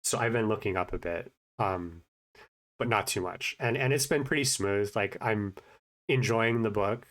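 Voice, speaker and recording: A man giving a casual spoken update, with a naturally mumbling voice, a self-conscious, low-key manner, and many fillers and restarts. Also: moderate pace, fairly bright tone. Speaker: vlogger, language learner.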